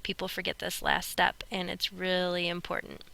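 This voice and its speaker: Bright-voiced woman teaching a class. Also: fairly low pitch, completely flat delivery, moderate pace, creaky, rough recording. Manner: upbeat, chatty, addresses students directly. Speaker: Spanish teacher. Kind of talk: recorded classroom lesson narration.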